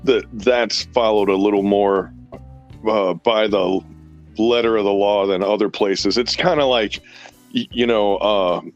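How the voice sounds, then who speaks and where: A man in a casual chat who speaks haltingly, with many fillers. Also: lowish voice, fairly even intonation, faint music behind. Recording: dull lo-fi audio.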